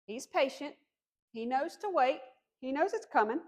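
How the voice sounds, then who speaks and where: A woman dog trainer calmly explaining commands during a demonstration, encouraging and firm on cues. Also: high voice, moderate pace. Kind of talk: instructional demonstration.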